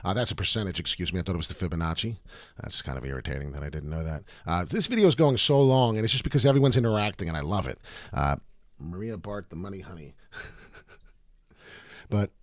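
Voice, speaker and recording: A man's voice: on the low side, fairly bright tone, no room sound, studio quality. A man from New Jersey with a New Jersey accent, hosting a live crypto chart stream and talking in a hyped, profane, rambling way. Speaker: crypto livestream host.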